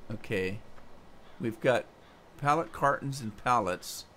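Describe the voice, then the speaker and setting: American guy streaming a farm game, chatty, thinks out loud, talks to chat, engine noise under him. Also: mid-range voice, takes it slowly. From United States. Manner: chatty, thinks aloud and answers viewers' chat. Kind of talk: live gameplay commentary.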